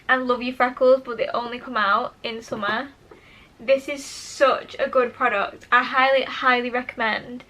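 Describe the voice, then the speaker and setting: A young woman talks straight into her camera at home, chatting casually as she tries out make-up. Her voice sits high and bright, and she turns eager and self-mocking as she goes. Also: fairly even intonation, unhurried. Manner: chatty, self-deprecating, enthusiastic. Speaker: beauty vlogger. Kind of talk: casual make-up tutorial chat. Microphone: camera mic, talking to camera.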